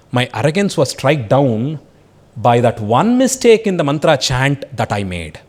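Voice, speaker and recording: A cursed demon, once a proud learned man, pours out his confession and begs for forgiveness in a man's telling. The voice sits fairly high and swings widely in pitch, with vowels. It is a confessional and pleading voice. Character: remorseful cursed male demon, once an arrogant scholar.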